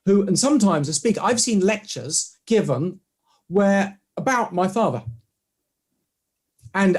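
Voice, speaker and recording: Animated high-voiced man telling stories. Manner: animated storytelling, acts out quoted voices. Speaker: guest, orthodontic clinician. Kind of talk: conversational interview.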